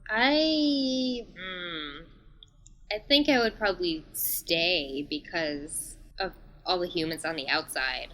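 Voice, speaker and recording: A woman's voice: lowish voice, slow pace, a bit bright. A woman playing along, hesitantly thinking aloud about her choice in casual chat. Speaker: player.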